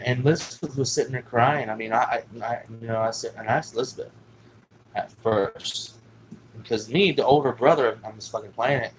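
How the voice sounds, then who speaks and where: A man's voice: mid-range voice, a little hiss or hum, low-quality recording. A man telling a personal story in a casual, rambling way, swearing often and filling gaps with "you know what I'm saying.". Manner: rambling, profane, with many fillers.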